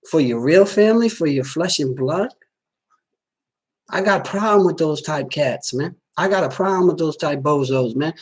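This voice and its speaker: A man's voice: high voice, darkish tone. A man hosting a livestream and answering viewer comments, swearing a lot and talking straight to his audience in a boastful, streetwise way. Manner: talks straight at viewers, often asking if they follow. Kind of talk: casual livestream chat.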